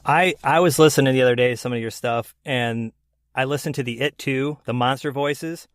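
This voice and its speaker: A man's voice: medium pitch, a little fast, no room sound, clean studio sound. A man hosting an interview, asking questions in an enthusiastic, admiring way. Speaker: podcast host. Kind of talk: casual interview chat.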